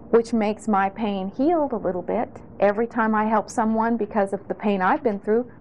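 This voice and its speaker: A middle-aged woman speaks with earnest, heartfelt conviction as she shares her testimony, her voice sitting a little high. She circles back and restarts phrases as she goes. Faint noise hangs under the recording. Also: a little mellow, low-quality recording. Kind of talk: testimony sermon.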